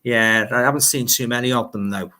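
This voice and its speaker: A man's voice: medium pitch, fairly quick, sharp tone. A man with a Liverpool accent hosting a casual livestream, reading out viewer comments and chatting in a rambling way, often repeating words as he goes.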